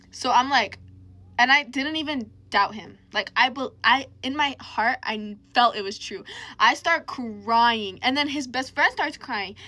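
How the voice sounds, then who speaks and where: A woman's voice: on the high side, sharp tone, a little hiss or hum. A young woman casually telling a dramatic personal story, chatty and full of slang.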